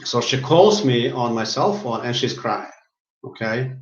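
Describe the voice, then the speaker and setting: A man's voice: mid-range voice, expressive. Guy rambling through a story, keeps restarting words, echoey muffled room sound. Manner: halting, repeats and restarts words. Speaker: healer. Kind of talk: casual storytelling monologue. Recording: roomy, dull lo-fi sound.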